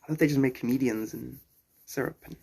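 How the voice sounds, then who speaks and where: A man's voice: medium pitch, fairly quick, creaky, darkish tone, breathy edge. A man in his forties with a South African accent, chatting casually and playfully with viewers on a live stream. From born in Zimbabwe, raised in South Africa. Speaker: livestreamer.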